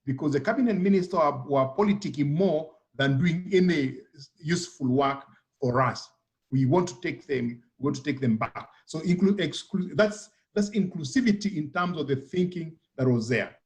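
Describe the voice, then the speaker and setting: This is a man with a somewhat high voice, speaking as a guest on a church television panel. He explains methodically, numbering his points and often repeating a word before moving on. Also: normal speed, darkish tone. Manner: explanatory, methodical, repeats words while thinking.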